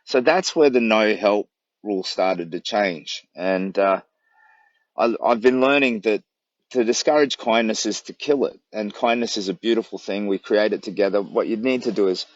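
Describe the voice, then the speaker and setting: A man's voice: on the low side, moderate pace, no room sound, dull audio. Australian man telling stories from his bush camp. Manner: rambling, warm storytelling with laughs. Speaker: charity walker livestreaming. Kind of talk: casual livestream chat. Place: camped outdoors in the bush. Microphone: phone livestream.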